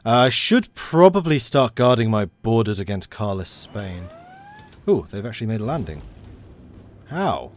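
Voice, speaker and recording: A man's voice: on the low side, big pitch swings, moderate pace, slight background noise. A man giving casual, wry commentary while playing a strategy game and chatting to his units. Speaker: let's play commentator.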